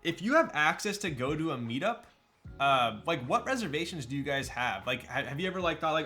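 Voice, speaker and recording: A man's voice: a little high, animated, brisk, pushed and bright, faint music behind. A man chatting casually on a live stream, hyped up, thanking viewers and laughing often while building a keyboard.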